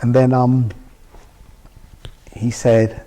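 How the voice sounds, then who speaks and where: In a large hall, a British man speaks extremely slowly in a mellow, medium-pitched voice with little pitch movement. He's a guest in an interview, emotionally recounting a personal experience and acting out the dialogue vividly.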